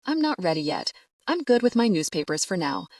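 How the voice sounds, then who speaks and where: Audiobook: narrator doing a shy, soft-spoken friend, dry close recording. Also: female voice, lowish voice, very animated, a little fast, dry recording. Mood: hesitant. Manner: soft, hesitant. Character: shy, gentle young wife, woman, sad.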